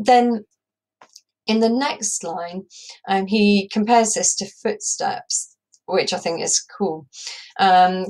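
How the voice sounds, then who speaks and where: A woman English teacher giving a recorded lesson over slides, explaining step by step and tapping out rhythms aloud with frequent ums. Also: on the low side. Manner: explanatory, says "um" a lot, taps out rhythms aloud.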